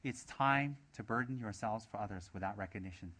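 Man, Buddhist teacher, dharma talk, slightly low pitch, repetitive, emphatic. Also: a little fast, bright, forceful tone. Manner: emphatic, repetitive, full of rhetorical questions.

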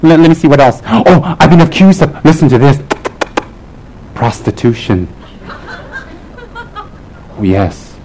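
A man teaching as a Buddhist teacher in a humorous dharma talk, wry and teasing, full of rhetorical questions, dropping his voice low for emphasis. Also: quick pace, few pauses, a little mellow, low-quality recording.

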